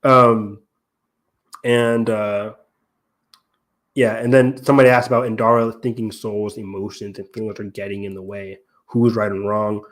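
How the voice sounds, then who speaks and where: A man's voice: on the low side, flat delivery, normal speed. A man co-hosting a podcast, explaining and analyzing at length in casual talk with frequent ums and self-corrections. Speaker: podcast co-host.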